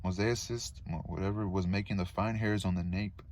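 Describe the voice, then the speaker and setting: A man's voice: sits low, fairly even intonation, normal speed, a little mellow. A man reading a novel aloud in a casual, unpolished way, stumbling on words and adding asides.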